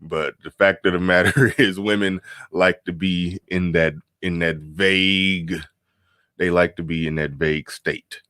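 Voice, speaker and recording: Hosting a live stream, a man with a very low voice riffs loosely in casual commentary, reading chat comments aloud, repeating phrases, and chuckling between points. His tone is steady and sharp, his pace measured. The audio is close and dry, with no echo.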